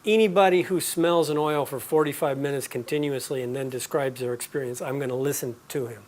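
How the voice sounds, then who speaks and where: A man teaching a live class, explaining and telling stories in a relaxed, conversational way. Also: mid-range voice, a little fast. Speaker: aromatherapy teacher.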